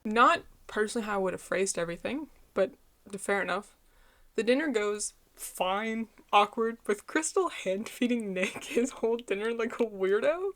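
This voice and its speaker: A woman's voice: medium pitch, lively intonation, moderate pace, a bit bright. A woman giving a casual book review, summarizing the plot in a blunt, outspoken way and swearing freely.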